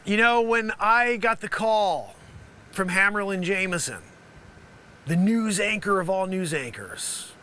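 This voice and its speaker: A man's voice: high-pitched, lively intonation, unhurried, pushed and bright. A man hosting a live stream, riffing through an improvised comedy bit as a street reporter with rambling, teasing asides. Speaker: live-stream variety host.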